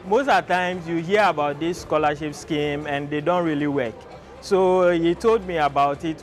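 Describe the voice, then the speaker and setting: A man, a schoolteacher speaking excitedly and emphatically in an interview. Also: a little high, normal speed. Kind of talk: interview answers.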